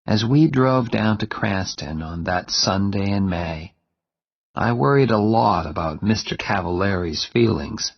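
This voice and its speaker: A man reading a story aloud in a measured, plain way. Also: lowish voice, creaky, slightly rough, big-room sound, muffled recording.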